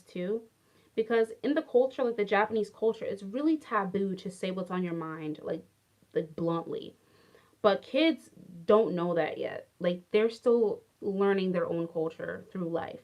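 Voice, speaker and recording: A woman's voice: medium pitch, dull audio. A young adult woman, a former English teacher, casually telling personal stories with lots of "like" and plenty of feeling. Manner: chatty, heavy use of "like", animated and affectionate. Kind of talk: casual storytelling vlog.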